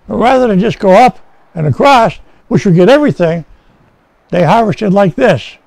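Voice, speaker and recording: This man's high, expressive voice is creaky and slightly mellow, moving at normal speed; the audio is poor but has no echo. He's a pastor giving a folksy, informal Bible-teaching sermon in a rescue mission chapel, often asking "okay?" and restarting his sentences.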